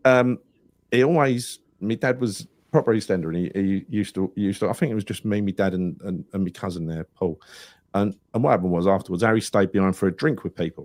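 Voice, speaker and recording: A man's voice: lowish voice, brisk, no echo. A man, a podcast host rambling through anecdotes in casual chat and acting out the people in his stories. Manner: rambling anecdotal storyteller, animated retelling with quoted voices.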